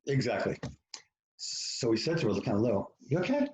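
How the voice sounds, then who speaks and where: Animated and speaking at a moderate pace, this man with a lowish voice shares a candid personal story in conversation as a podcast guest. He swears freely, mocks himself, and voices other people's lines, while the poor-quality recording is reverberant with slight background noise.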